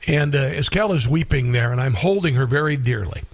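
Husky-voiced man telling a personal story. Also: medium pitch, animated. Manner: halting, heartfelt, with frequent restarts. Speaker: radio talk show host. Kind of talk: personal storytelling on talk radio.

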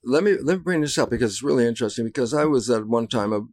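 An older man, a guest in an interview, telling lively anecdotes and acting out the voices in them. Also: medium pitch, very fast. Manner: animated storyteller who acts out voices and laughs at his own anecdotes. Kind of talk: casual interview storytelling.

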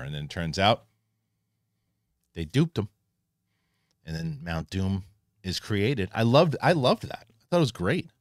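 A man hosting an online show, giving a casual spoken review of a TV episode, animated and full of restarts. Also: deep voice, no room sound, clean studio sound. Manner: animated, restarts often, acts out characters in quick asides.

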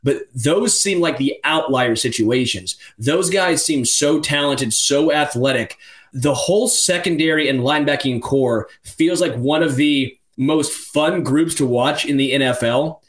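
Animated male podcaster in a roomy space. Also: medium pitch, a little slow. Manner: animated, emphatic. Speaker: podcast co-host. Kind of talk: casual sports podcast chat. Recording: roomy echo.

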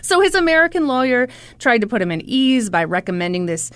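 A woman co-hosting a podcast, telling a story in casual chat with a playful, animated manner. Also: a little high, a little fast, clean tone, no echo. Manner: animated, playful, breaks into laughter. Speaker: podcast co-host.

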